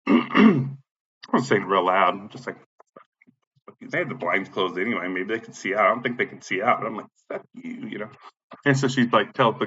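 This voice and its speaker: A man's voice: mid-range voice, sharp tone, slightly rough. A man in an angry, profane rant, agitated, repeating himself and swearing constantly. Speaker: vlogger. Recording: dull lo-fi sound.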